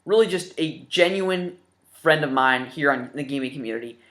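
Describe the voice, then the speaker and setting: Bright, eager young man gushing. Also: on the high side, normal speed. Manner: enthusiastic and rambling, with many fillers. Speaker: gaming YouTuber showing his new games. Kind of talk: casual vlog.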